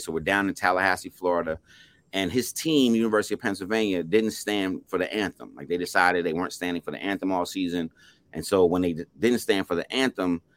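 A middle-aged man from New Jersey, a podcast guest telling a story in an animated, emphatic way with restarts. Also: low voice.

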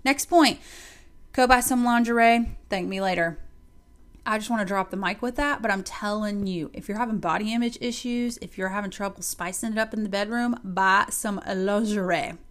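A young woman and mother talking casually to camera, giving emphatic, animated pep talks to other moms. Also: mid-range voice, a little fast. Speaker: mom giving advice to mothers. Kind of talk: casual motivational talk to camera.

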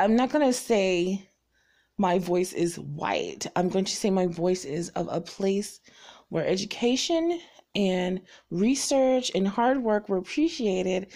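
A woman hosting her own podcast, talking casually and rambling with lots of fillers and quick bursts. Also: mid-range voice, gravelly, darkish tone. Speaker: podcast host. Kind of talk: casual solo podcast monologue.

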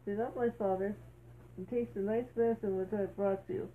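A woman's voice: mid-range voice, fairly even intonation, a little fast, natural voice. A woman reading the lines of a sly young man in a plain read-aloud voice. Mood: anxious. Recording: tinny phone-like sound, faint hiss.

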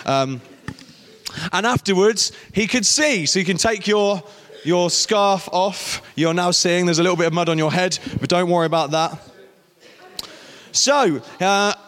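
A man's voice: high-pitched, a bit bright, in a large hall. A man giving an interactive youth talk as guest speaker, playfully directing volunteers on stage.

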